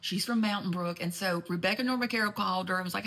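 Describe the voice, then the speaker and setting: Chatty woman, husky gossip. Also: medium pitch, quick pace, hardly any pauses, a bit bright. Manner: chatty, gossipy, rambling asides, genteel Southern sass. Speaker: comedic storyteller. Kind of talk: comedic monologue in character.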